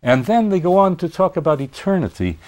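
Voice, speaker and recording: A man's voice: high-pitched, very animated, brisk, darkish tone. A man giving a university literature lecture, speaking expressively and posing rhetorical questions.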